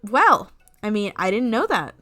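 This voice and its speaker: A woman's voice: mid-range voice, very animated, unhurried, bright, forceful tone, soft background music. A woman giving giggly, rambling commentary as she plays a dating game and reads its text aloud, swearing often. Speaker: game streamer.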